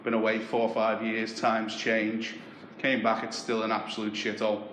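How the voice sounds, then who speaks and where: A young man from Liverpool with a Liverpool accent, doing a deadpan, sweary stand-up comedy set. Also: fairly low pitch, moderate pace. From Liverpool, England. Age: young adult. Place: comedy club stage. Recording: echoey club with crowd noise. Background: audience laughter.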